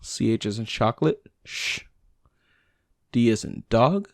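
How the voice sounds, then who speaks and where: A man's voice: mid-range voice, expressive, no echo, studio quality. Man reading language notes aloud. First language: English. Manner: reads text aloud with fillers and restarts, slow over examples.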